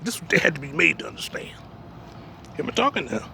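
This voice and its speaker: A man's voice: on the high side, very animated, quick pace, creaky, sharp tone, slight background noise. A man preaching in a blunt, emphatic way. He keeps asking "you understand me?" and drops streetwise jokes between points. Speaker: religious teacher. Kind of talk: preaching talk.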